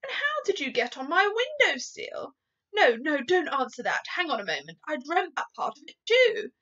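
A woman's voice: sits high, very animated, normal speed, pushed and bright, highs cut off, exaggerated voice. A woman voicing a stunned queen who stammers in disbelief. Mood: commanding. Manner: stammering, shaky.

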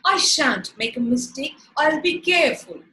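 A woman voicing an eager, excitable young boy in a storybook reading, exclaiming and pleading. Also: high voice, moderate pace, echoey room, a little hiss or hum, pitched above the performer's own voice.

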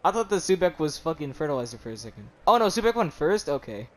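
A young man chatting excitedly with friends while gaming, laughing constantly and shrieking when excited. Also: on the high side, quick pace. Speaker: gaming streamer.

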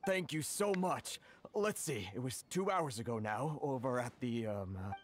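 A man's voice: medium pitch, lively intonation, normal speed, slight background noise, lightly acted. A man voicing a humble young merchant in a game, speaking earnestly and a little hesitantly. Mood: grateful. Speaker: game character.

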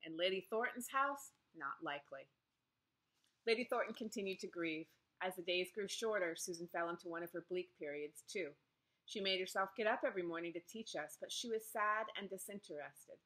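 A woman narrating a novel in the first person, steady and clear. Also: lowish voice, fairly quick. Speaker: audiobook narrator.

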